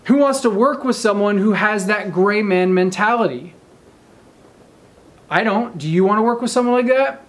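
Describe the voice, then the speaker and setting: A man in his thirties telling a story in casual talk, animated and often checking in with his listeners. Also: high-pitched, moderate pace. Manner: animated, addresses listeners with "right?" and "okay?". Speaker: speaker telling a training story.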